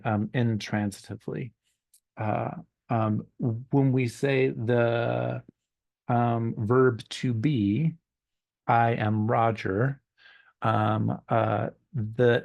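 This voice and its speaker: A man giving a recorded university lecture, hesitant and full of ums and uhs, thinking aloud and slowing down on examples. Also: lowish voice, creaky, darkish tone, no room sound. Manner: slows down on quoted examples.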